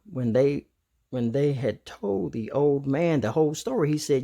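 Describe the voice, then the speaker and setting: A man narrating a children's storybook aloud in an animated, expressive way. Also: medium pitch, measured pace, vocal fry.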